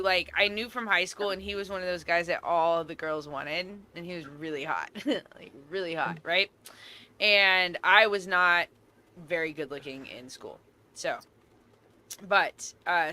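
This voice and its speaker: A woman's voice: on the low side, sharp tone, clean tone. A woman telling a story in a casual group chat, hesitant and giggling. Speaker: livestream guest.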